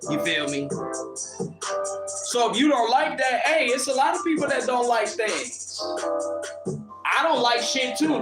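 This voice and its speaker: A man on a livestream delivering an impassioned, preachy rant, profane and confrontational toward his viewers. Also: high voice. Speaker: livestream commentator. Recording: echoey room with music beat. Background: instrumental beat playing.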